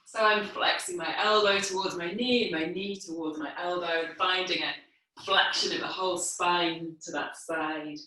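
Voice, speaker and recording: A woman teaching a movement class, calmly cueing while she exercises on the floor, a little out of breath. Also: lowish voice. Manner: calm, unhurried cueing while moving on the floor. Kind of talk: guided movement class instruction. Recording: echoey room, mic far off.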